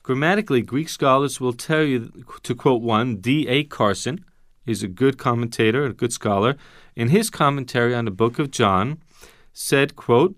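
A man's voice: medium pitch, moderate pace, a bit bright, no room sound, clean studio sound. A man teaching Bible Greek grammar in an emphatic way, asking rhetorical questions and repeating his key points.

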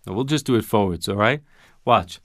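A man's voice: on the low side, lively intonation, a little fast, dry recording, clean studio sound. A man teaching Bible Greek grammar in an emphatic way, asking rhetorical questions and repeating his key points.

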